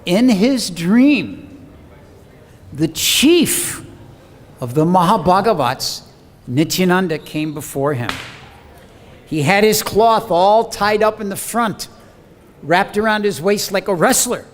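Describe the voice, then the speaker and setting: A man giving a scripture lecture as an animated, dramatic storyteller who acts out the quoted voices. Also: sits high, takes it slowly, long pauses. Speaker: preacher. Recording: long hall reverb, faint background hum.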